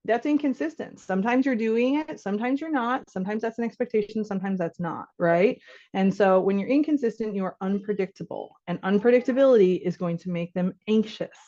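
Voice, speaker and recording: A woman's voice: mid-range voice, brisk, warm tone, muffled recording. A woman physician giving an informal workshop talk to caregivers, conversational and acting out little dialogues.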